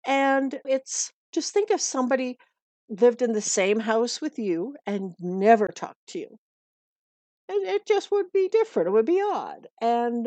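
A middle-aged American woman with a fairly high, slightly mellow voice offers dog-walking and pet tips in a dry recording. Her casual advice talk is chatty and earnest, and she often repeats herself.

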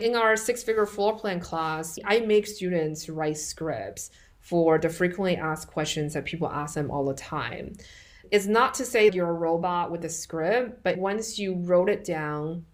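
Lady podcast host, kinda low voice, straight-talking coaching vibe. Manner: direct, practical, conversational coaching. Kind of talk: podcast advice monologue.

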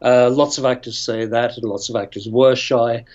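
Older Northern Irish actor guest, rambling raconteur, muffled remote audio. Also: male voice, medium pitch, steady tone, moderate pace, a little mellow. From Northern Ireland. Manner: chatty, rambling storyteller who laughs often. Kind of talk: casual interview storytelling.

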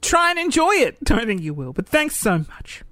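A man's voice: very high-pitched, huge pitch swings, moderate pace, sharp tone, no echo. A man hosting his podcast in casual, rambling, self-deprecating chat. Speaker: podcast host.

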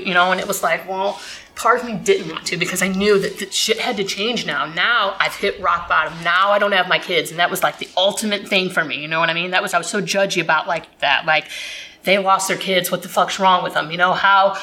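A woman's voice: lowish voice, fairly even intonation, a little fast, sharp tone, soft background music, low-quality recording. A woman, candidly telling her recovery story in a rambling way, full of fillers and restarts.

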